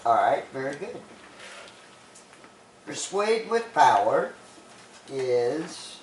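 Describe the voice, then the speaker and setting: A man's voice: mid-range voice, sing-song, drawn-out words. A man acting as speech evaluator, hesitantly reading out speech objectives. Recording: echoey room, far mic, faint noise.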